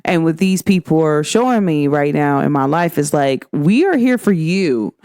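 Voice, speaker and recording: A woman from Cincinnati with a Cincinnati accent, hosting a casual spiritual talk show, chatty and full of slang, jumping up high in pitch when she quotes her friends. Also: normal speed, no room sound. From Cincinnati, Ohio. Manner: animated, swings up in pitch when quoting friends; chatty, many "like" fillers and slang. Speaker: podcast host.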